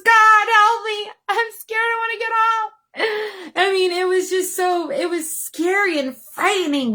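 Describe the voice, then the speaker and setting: A woman in her thirties telling a personal story to her viewers in a casual, chatty way, acting out her own excited and scared exclamations. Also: sits high. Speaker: vlogger.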